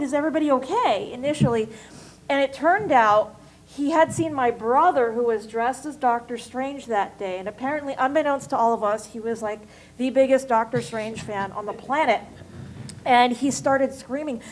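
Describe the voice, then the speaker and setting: A woman on a convention panel telling a funny story, animated and expressive. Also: a little high, slight background noise, low-quality recording. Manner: animated storyteller, acts out voices. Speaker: costume volunteer panelist.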